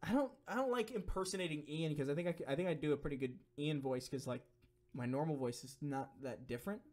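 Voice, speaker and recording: A young man chatting on a live stream, reading out viewer donations and answering questions. He rambles, swears freely and leans on fillers, in a voice sitting slightly high. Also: fast, a little mellow.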